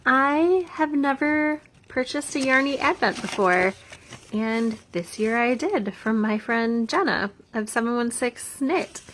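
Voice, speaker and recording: A young woman vlogging about crafts and a gift package, gushing with excitement and dropping from soft whispers to squeals. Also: fairly high pitch, takes it slowly, slight background noise. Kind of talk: casual vlog, showing crafts.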